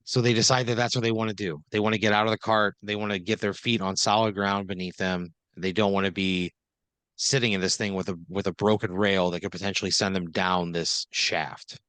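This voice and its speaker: A man with a somewhat low voice improvises a comic adventure story, talking loosely and piling on fillers as he goes. The sound is dry and close, like a podcast mic. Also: fairly even intonation, fairly quick, fairly bright tone, clean tone, dry recording. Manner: loose, rambling second-person storytelling with many fillers. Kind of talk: improvised comedic narration.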